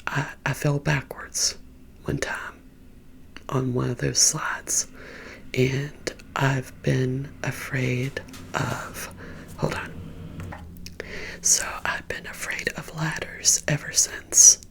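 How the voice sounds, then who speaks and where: A woman with a Southern US accent, rambling and confiding in a soft whisper as she tells an ASMR story to her viewers, close to the microphone. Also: very deep voice, level tone, slow, gravelly, pauses often. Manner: confiding, rambling, talks to viewers as "you guys". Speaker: ASMR creator.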